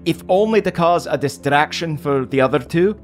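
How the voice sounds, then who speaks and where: Jokey animated man at a game table. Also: a little high, normal speed, faint music behind. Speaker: player. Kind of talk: casual tabletop play.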